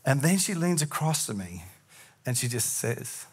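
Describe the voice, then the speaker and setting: A man preaching a sermon as a pastor, talking earnestly and telling personal stories, and acting out remembered conversations in lively bits. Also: medium pitch, measured pace, slightly rough. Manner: animated, acts out remembered conversations.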